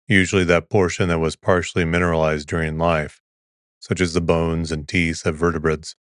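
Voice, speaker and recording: A man hosting a sleep podcast, reading an article aloud in a calm, soothing, even voice. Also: deep voice, no echo, studio quality. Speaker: podcast host.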